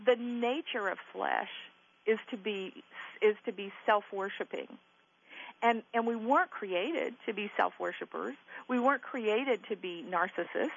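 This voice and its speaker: A woman guest teaching on a Christian call-in radio show, earnest and gently reassuring in a pastoral way. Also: mid-range voice, vocal fry, muffled recording.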